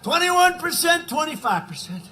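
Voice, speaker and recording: A man in his seventies speaks at a political rally, rambling through asides and then shouting out a line. His voice sits high and sounds bright and forceful. A faint noise runs under the podium mic. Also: sing-song, normal speed, poor audio. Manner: rambling, conversational asides, sudden shouted lines. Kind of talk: campaign rally speech.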